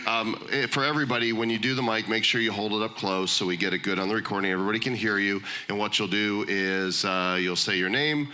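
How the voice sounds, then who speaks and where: A man in his fifties, a podcast host emceeing a live pitch event with jokey, playful banter. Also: fast, few pauses, sharp tone. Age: 50s.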